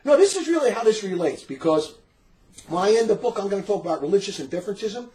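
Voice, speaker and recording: Animated high-voiced man telling a story. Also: fast, low-quality recording. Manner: animated, laughing, acts out quoted voices. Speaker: storyteller in a religious talk recording. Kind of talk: casual storytelling chat.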